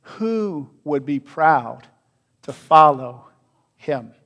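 A man preaching a sermon as pastor, asking his listeners questions and swinging between loud and quiet. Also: fairly high pitch, lively intonation, extremely slow. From North America. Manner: asks the congregation questions, varies loudness widely.

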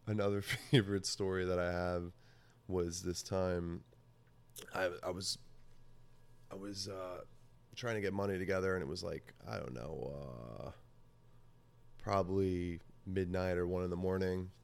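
A man's voice: deep voice, fairly even intonation, unhurried, gravelly, pauses often, smooth. A man hosting a podcast, telling a rambling, profane story in casual talk and laughing often. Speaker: podcast host.

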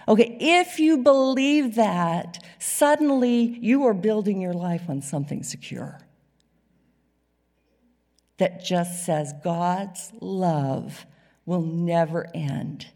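A woman preaching a sermon to a church congregation, swinging from loud emphasis to hushed whispers. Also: fairly low pitch, gravelly. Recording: reverberant hall sound.

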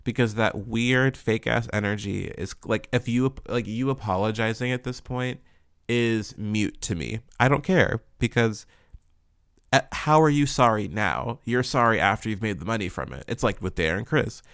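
A man with a lowish, creaky, slightly bright voice rants at normal speed as a commentary vlogger. His blunt, profane commentary is packed with fillers and rhetorical questions, recorded dry with clean studio sound.

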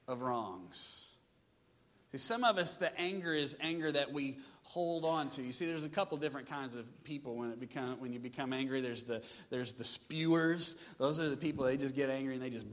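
A pastor preaching a sermon with lively delivery, acting out his listeners' excuses in changing voices. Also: on the high side, big-room sound. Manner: animated preaching, mimics congregants' excuses.

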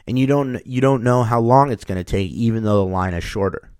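A man's voice: lowish voice, a little fast, hardly any pauses, a little mellow, no echo, clean studio sound. A man telling a rambling, wry personal anecdote in a casual way, often restarting his words. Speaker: storyteller.

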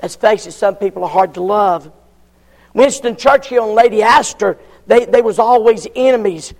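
A man preaching a folksy, emphatic sermon as pastor, his delivery swinging from loud cries to hushed tones. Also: high voice, normal speed, vocal fry, in a large hall.

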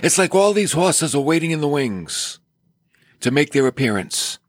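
A man preaching a sermon on scripture, emphatic, with dramatic swings in his pitch. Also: big pitch swings, moderate pace, no echo.

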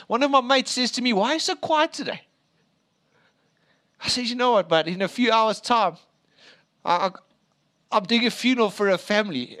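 A man preaching a sermon as a pastor, telling stories with emphatic rises and hushed drops. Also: high voice.

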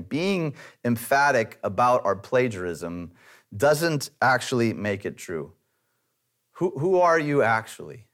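A man's voice: mid-range voice, sing-song, unhurried, a bit bright. Conversational man preaching a sermon. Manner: conversational, self-deprecating humor. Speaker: pastor.

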